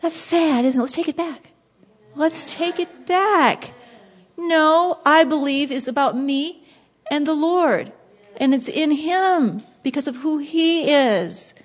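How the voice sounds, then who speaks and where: A woman preaching with passion, slipping into hushed whispers and then surging with intensity. Her voice sits on the high side and the recording sounds dull and lo-fi. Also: lively intonation, takes it slowly. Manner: passionate, shifting between soft whispers and bursts of intensity. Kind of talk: devotional sermon.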